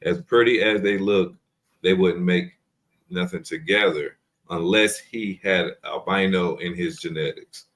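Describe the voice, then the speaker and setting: A man's voice: deep voice, measured pace, fairly bright tone. A man in a casual video call, explaining his snakes step by step and repeating himself as he goes. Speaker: snake breeder guest. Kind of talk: casual show-and-tell chat.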